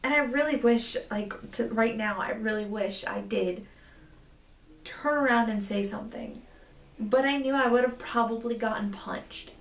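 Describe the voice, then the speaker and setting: A woman's voice: fairly high pitch, a little slow, echoey room, distant mic. A woman in her twenties telling a story to camera, indignant and rambling, with many fillers. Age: 20s. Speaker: vlogger. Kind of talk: storytime vlog.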